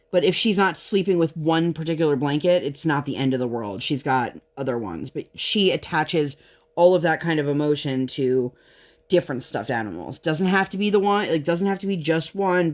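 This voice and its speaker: A woman vlogger and parent telling a story in relaxed, chatty conversation, often drifting into tangents. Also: deep voice, moderate pace. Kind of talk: casual chat while crafting.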